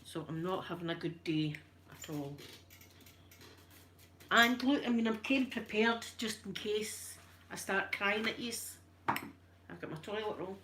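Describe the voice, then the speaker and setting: A woman's voice: mid-range voice, unhurried, long pauses, a bit bright, a little hiss or hum. A Scottish woman hosting a chatty live stream while ironing, emotional and tearful, greeting her viewers by name.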